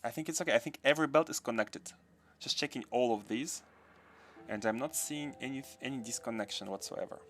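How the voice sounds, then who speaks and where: A man's voice: medium pitch, brisk, fairly bright tone. A man from Russia, with a Russian accent touched by French, muttering to himself as he builds in a game and answering chat on a livestream. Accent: Russian with some French. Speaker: game streamer. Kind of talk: casual livestream commentary while building.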